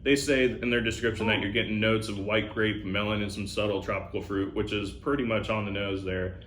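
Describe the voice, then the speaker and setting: Man, low voice, relaxed, lots of ums, explaining a product, echoey room. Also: fairly quick. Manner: relaxed, filler-heavy explaining. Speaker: beer brand representative. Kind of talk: casual radio guest chat.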